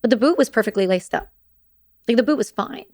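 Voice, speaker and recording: A woman, a military veteran and podcast guest, recounting war memories in a halting way, with restarts and blunt swearing. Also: a little high, expressive, darkish tone.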